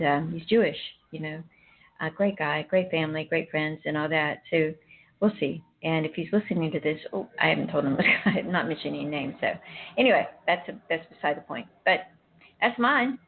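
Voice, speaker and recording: A woman telling a personal faith story in casual chat, emotional and rambling with frequent restarts. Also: low voice. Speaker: guest sharing a personal story. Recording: tinny phone line.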